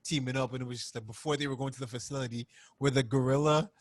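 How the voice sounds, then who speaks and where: A man's voice: medium pitch, fairly even intonation, fast, no echo. A man co-hosting a casual podcast chat, telling stories in a laughing, slangy manner. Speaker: podcast co-host.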